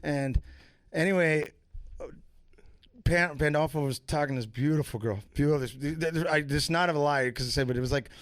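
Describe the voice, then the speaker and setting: Speaking fairly quickly in a fairly high voice with no echo, a man guesting on a podcast spins loose, foul-mouthed stories. He slips into different voices whenever he quotes someone.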